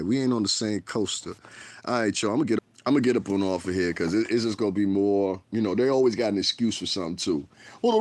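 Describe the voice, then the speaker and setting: A man from the United States hosting a casual livestream from his bedroom, rambling frankly and profanely into a tablet. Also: on the low side. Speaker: livestream host.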